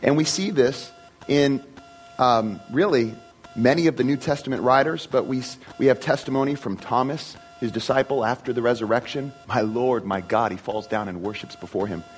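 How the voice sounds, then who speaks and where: A man's voice: medium pitch, moderate pace, faint music behind, poor audio. A man preaching a sermon in an earnest, emphatic way, often repeating and restarting words.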